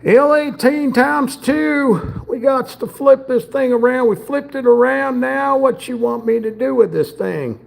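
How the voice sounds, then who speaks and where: A man's voice: extremely high pitch, unhurried, gravelly, hardly any pauses, pitched above the performer's own voice, exaggerated voice. A man putting on a drawling Old West cowboy. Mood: folksy. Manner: drawling, folksy, playful.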